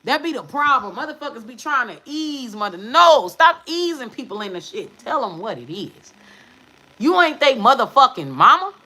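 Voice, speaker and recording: A woman tarot reader talking to her viewers in a brash, profane, sassy way, with emphatic bursts and quick muttered asides. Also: sits high, big pitch swings, bright, forceful tone, rough recording. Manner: emphatic, with sudden drops to mutters. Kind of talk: live tarot reading monologue.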